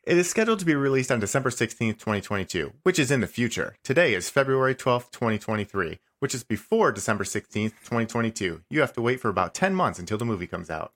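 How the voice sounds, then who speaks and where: A man reading the lines of a stubborn, passive-aggressive male AI chatbot in a comedy podcast, insisting he is right and tacking on a deadpan "smiley face". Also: medium pitch, quick pace, few pauses. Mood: insistent. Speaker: podcast host. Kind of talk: comedic dramatic reading of a chat log.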